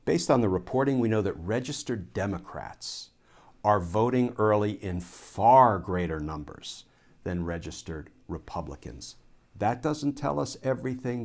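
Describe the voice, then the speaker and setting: Low-voiced man giving measured legal commentary. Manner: measured and explanatory, restating phrases for emphasis. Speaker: former Army lawyer turned legal commentator. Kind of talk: solo commentary video.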